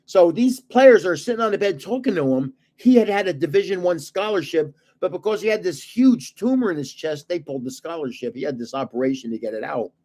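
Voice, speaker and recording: A man's voice: fairly high pitch, expressive, fairly quick, hardly any pauses, warm tone. An older man hosting a casual livestream, telling rambling stories and chuckling often. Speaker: channel host giving away trading cards.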